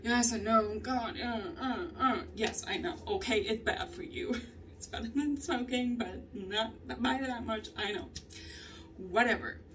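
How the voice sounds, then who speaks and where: A woman's voice: fairly high pitch, a little slow, fairly bright tone. Young woman vlogging, cusses a lot, laughs at herself, mic kinda far, bit of background hum. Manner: candid, swears often, laughs through stories. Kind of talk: casual confessional vlog. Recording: distant mic with faint ambient noise.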